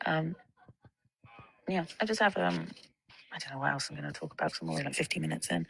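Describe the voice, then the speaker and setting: A woman's voice: sits low, fast talker, gravelly, pauses often, a bit bright, husky, dry recording, poor audio. A young woman in a casual monologue, ranting with lots of swearing and filler words. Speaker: vlogger.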